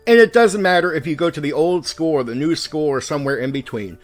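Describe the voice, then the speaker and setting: A man hosting his own channel, giving a heated, profane rant to the camera as a longtime game master, moving between raised and calm speech to push his point. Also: a little high, fast, soft background music. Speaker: YouTube host and game master. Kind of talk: ranting commentary to the camera.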